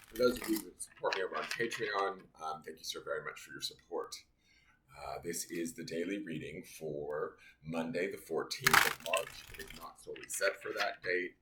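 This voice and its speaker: A man's voice: low-pitched, moderate pace. A man giving a casual daily tarot reading, angry and venting as he explains the cards. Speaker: tarot reader. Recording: echoey room, faint noise.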